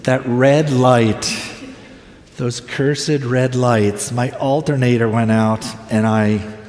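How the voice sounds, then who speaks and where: An older male pastor delivers his sermon slowly and earnestly, leaning on long pauses and drawn-out words. His voice sits at an ordinary middle pitch. It rings through a large, reverberant sanctuary, picked up from some distance away. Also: fairly even intonation, darkish tone. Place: church sanctuary. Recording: echoey hall, voice from a distance.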